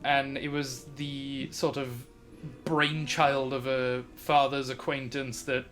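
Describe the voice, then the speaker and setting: A man's voice: medium pitch, level tone, slow, fairly bright tone, soft background music. A man narrating as game master of a tabletop game, describing things in a rambling way full of fillers.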